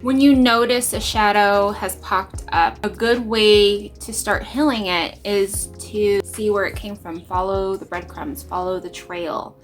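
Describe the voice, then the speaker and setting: A woman's voice: mid-range voice, steady tone, unhurried, few pauses, faint music behind. A woman in her thirties, a mother, speaking earnestly and reflectively in a personal spiritual vlog. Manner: earnest, reflective, emotional at times. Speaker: vlogger, parent.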